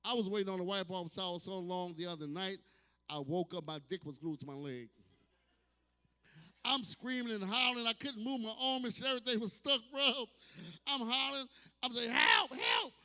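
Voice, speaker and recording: This man's voice is high, brisk, clear, and resonant, belonging to a New Orleans stand-up comedian in his fifties. Loud, brash, and profane, he lets out sudden shouts and acts out asides during his set at a distillery bar with a live crowd, captured with hall reverb from a club room.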